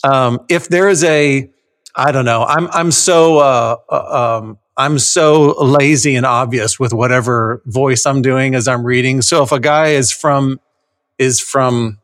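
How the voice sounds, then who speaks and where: A man co-hosting a podcast in casual chat, animated and quick to laugh. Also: mid-range voice. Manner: animated, laughs often, stumbles on restarts. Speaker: podcast co-host.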